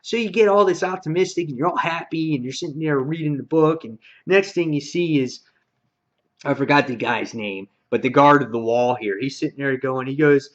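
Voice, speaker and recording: A man reviewing a comic book in a casual, rambling, excited way, full of fillers and quoted lines. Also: fairly high pitch, normal speed. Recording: dull lo-fi recording.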